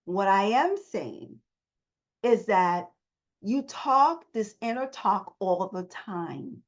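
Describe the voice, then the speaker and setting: A woman therapist coaches viewers through a motivational self-help talk, speaking emphatically and repeating her key phrases. Her mid-range voice is expressive and she takes it slowly. The audio is dull and lo-fi.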